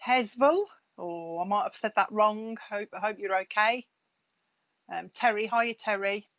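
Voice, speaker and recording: A middle-aged spiritual medium chats casually on a live stream in a mid-range voice, speaking a little slowly. She reads viewers' names aloud in a friendly, gossipy manner, over slightly dull lo-fi audio.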